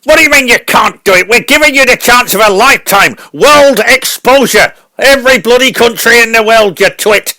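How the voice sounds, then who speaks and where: A man putting on the voice of a gruff, blustering older boxing father, blunt and name-calling in a comedy radio sketch. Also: very high-pitched, moderate pace, few pauses, sharp tone. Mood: scolding.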